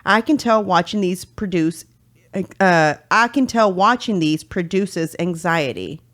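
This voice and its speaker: A woman co-hosting a casual podcast chat in a studio, chatty and quick to laugh, sometimes reading passages aloud from a book. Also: fairly low pitch, lively intonation, a bit bright. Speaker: podcast co-host. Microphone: studio mic.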